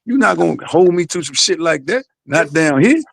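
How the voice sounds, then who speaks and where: A man's voice: a little high, sing-song, moderate pace, vocal fry, fairly bright tone. A man, the father of a boxer, telling a story in blunt, profane casual podcast talk.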